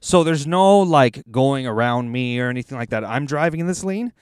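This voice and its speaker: A man's voice: mid-range voice, expressive, moderate pace, a little mellow, clean tone, no echo. Man ranting, dry close sound. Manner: profane, ranting storyteller. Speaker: podcast co-host. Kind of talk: casual chat. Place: inside a car.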